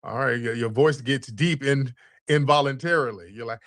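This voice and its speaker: A man's voice: mid-range voice, moderate pace, fairly bright tone, no echo, studio quality. A man hosting a call-in show, mocking and insulting a caller with crude jokes. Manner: mocking, insulting, trash-talking. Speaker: host.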